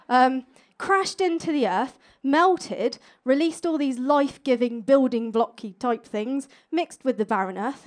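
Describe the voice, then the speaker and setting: A young woman doing a playful, cheeky stand-up comedy set on stage before a live audience. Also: on the high side. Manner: playful, cheeky, quick with jokes.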